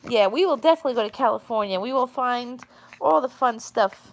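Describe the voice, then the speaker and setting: A woman's voice: fairly high pitch, a little fast. A woman chatting casually on a live stream, rambling with many fillers and restarts. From New York.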